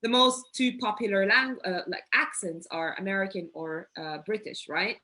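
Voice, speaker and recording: A woman's voice: medium pitch, moderate pace, pushed and bright. A woman hosting a casual interview, chatty, asking questions and reading out viewer comments. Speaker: interviewer, academy host. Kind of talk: casual interview on a live stream.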